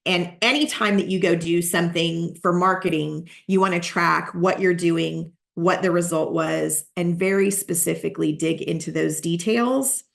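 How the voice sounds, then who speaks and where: A woman's voice: lowish voice, fairly even intonation, normal speed, creaky, hardly any pauses. A woman real estate coach giving a live online coaching session, practical and repeating her key points for emphasis, over a video call.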